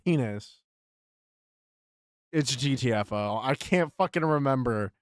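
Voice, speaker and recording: A man's voice: medium pitch, animated, moderate pace, no room sound, studio quality. A young man streaming live, chatting casually with his chat, frustrated, swearing and repeating himself.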